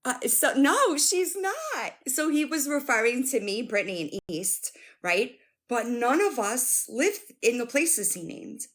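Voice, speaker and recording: A woman chatting casually to viewers on a live stream from her phone, animated and swearing, often laughing. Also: on the high side, measured pace.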